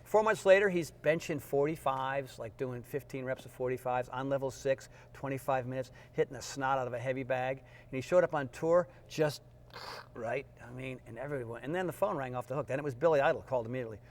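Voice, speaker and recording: A middle-aged man, a fitness trainer, telling lively stories in an interview and acting out the people in them. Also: medium pitch, fairly quick. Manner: animated storyteller, acts out quotes in funny voices. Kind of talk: storytelling interview. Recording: faint background noise.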